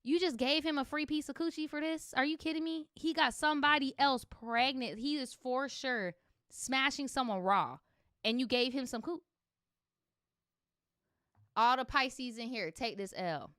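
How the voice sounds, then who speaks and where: A young woman reads viewer stories on a livestream and breaks in with sassy, animated, profane reactions. Her voice sounds smooth and clear, and the sound is dry and close. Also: high voice, normal speed, no room sound. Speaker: streamer reading viewer stories. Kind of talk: livestream story reading with commentary.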